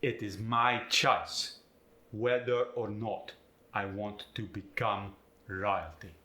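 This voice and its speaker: A man putting on a West African accent, speaking example sentences slowly and deliberately and stressing every syllable. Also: on the low side, steady tone, pushed and bright, echoey room. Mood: demonstrating.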